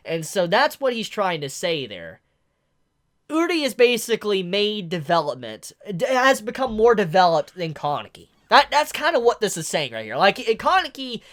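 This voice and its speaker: Guy reacting to a manga chapter, gets super excited and gushy, voice jumps all over the place. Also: sits high. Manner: excitable and gushing, fillers like "yo" and "like". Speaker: manga reviewer. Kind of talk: casual chapter-reaction commentary.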